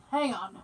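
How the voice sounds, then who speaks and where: A woman co-hosting a podcast, telling a story in casual chat, animated and swearing freely. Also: high-pitched, far from the mic, poor audio. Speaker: podcast co-host.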